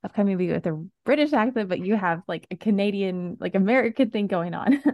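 A woman's voice: medium pitch, expressive, a little fast, no echo, lo-fi sound. A woman hosting a podcast interview, bubbly and giggly, peppering her questions with "like". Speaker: podcast host. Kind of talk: casual interview chat.

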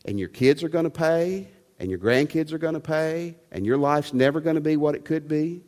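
Preacher guy giving a sermon, kinda high voice, lots of questions to the crowd, big echoey church. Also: moderate pace, a little mellow. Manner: emphatic, with rhetorical questions. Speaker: pastor. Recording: long hall reverb.

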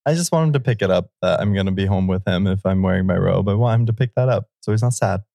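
A man's voice: low-pitched, quick pace, creaky, mellow, dry recording. A man co-hosting a podcast, telling a rambling self-amused story in casual chat at a close studio mic. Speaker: podcast co-host.

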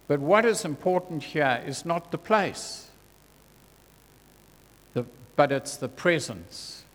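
A man preaching a sermon in a church, earnest and deliberate, his voice dropping soft when he quotes scripture. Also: on the high side, animated. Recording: long hall reverb.

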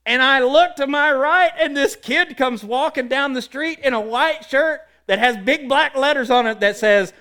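Preacher guy with a high bright voice, folksy storytelling sermon, goes loud then quiet. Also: normal speed, few pauses. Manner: lively storytelling with wide swings in loudness and frequent laughter; folksy, conversational delivery.

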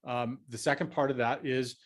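A man's voice: medium pitch, fairly even intonation, normal speed. A man hosting an advice podcast, speaking earnestly and reassuringly, with many fillers and restarts. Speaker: podcast host.

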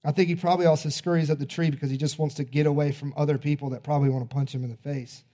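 Animated preacher with a mellow voice. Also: male voice, fairly high pitch, racing. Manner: animated storytelling, conversational. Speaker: pastor. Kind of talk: sermon.

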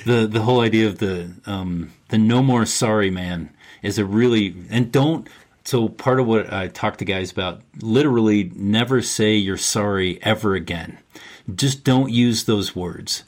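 Men's coach guest, middle-aged, husky and low, emphatic teacher in a talk setting. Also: male voice, a little slow. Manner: emphatic and instructive, repeats key phrases. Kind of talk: casual conversation.

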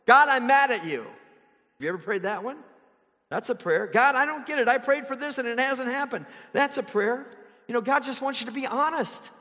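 Preacher guy chatting through a sermon, really high voice, echoey big hall. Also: bright, forceful tone. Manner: conversational preaching with mocking put-on voices. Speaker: pastor.

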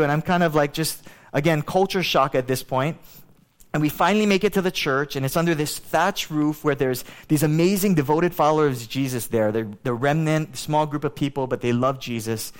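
Animated man preaching. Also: a little high, clean tone. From Hawaii. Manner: animated, conversational, many fillers. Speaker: pastor. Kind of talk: sermon storytelling.

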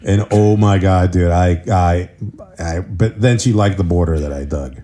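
A middle-aged married man chatting casually on a podcast, rambling through stories and leaping up in pitch when he quotes others. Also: unhurried, warm tone. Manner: rambling storyteller, jumps pitch for quoted voices. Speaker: podcast co-host. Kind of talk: casual chat.

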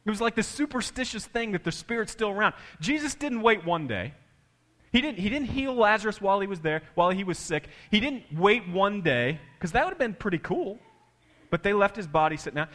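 Man, sermon, animated preaching, rising and falling in pitch, dropping to a hush for quotes. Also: fairly quick, big-room sound. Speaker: pastor.

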